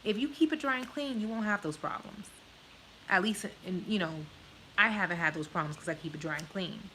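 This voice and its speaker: A woman's voice: mid-range voice, sharp tone, a little hiss or hum, rough recording. A woman with a New Jersey accent, born in Puerto Rico, chatting frankly and swearing freely on a live stream with viewers. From born in Puerto Rico, raised in New Jersey. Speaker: vlogger answering live viewer questions. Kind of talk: casual live-stream chat.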